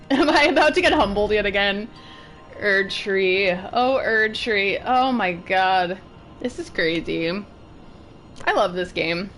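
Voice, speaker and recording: A young woman streaming a game, chatting and gushing excitedly as she plays and reacts. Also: medium pitch, slow. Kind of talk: live gameplay commentary. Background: game music.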